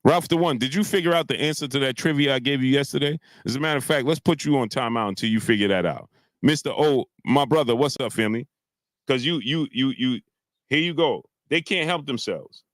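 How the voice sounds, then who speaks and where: A man hosting a boxing live stream, ranting heatedly with many filler sounds and shouting out chat viewers. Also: medium pitch, fairly quick, no echo. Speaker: boxing commentary host.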